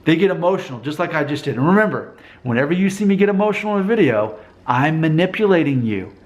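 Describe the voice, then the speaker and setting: A man's voice: fairly high pitch, lively intonation, fast. A man talking straight to camera in a casual vlog monologue, emphatic and insistent, often repeating his points. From United States. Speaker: vlogger.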